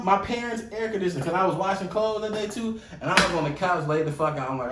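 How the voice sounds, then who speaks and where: A young man co-hosting a podcast, telling a story in casual chat, animated and profane, loudly acting out the quotes. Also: high-pitched, quick pace, hardly any pauses, far from the mic. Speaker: podcast co-host. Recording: echoey room, voice off-mic, faint noise.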